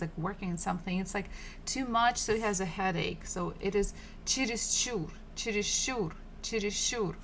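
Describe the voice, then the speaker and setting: Woman streaming a language lesson from home, unhurried and patient, repeats each word, faint typing behind her. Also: mid-range voice, a little hiss or hum. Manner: slow, patient, repeats words several times, chats with viewers. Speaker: Russian language teacher.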